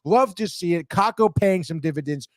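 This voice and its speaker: A man hosting a sports podcast, breaking down game highlights in an excitable, profane way and saying "dude" constantly. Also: moderate pace, dry recording, clean studio sound.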